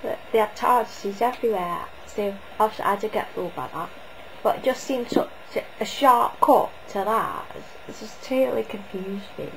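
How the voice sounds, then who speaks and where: A woman's voice: medium pitch, moderate pace, creaky, a bit bright, slight background noise, low-quality recording. A woman giving a casual, rambling spoken review, often hesitating and restarting.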